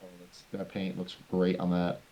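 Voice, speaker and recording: A man co-hosting a casual podcast, talking in a halting way with many ums and restarts. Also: low voice, completely flat delivery, mellow, dull audio. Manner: halting, stumbling over words with many ums. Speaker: podcast co-host. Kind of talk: casual chat.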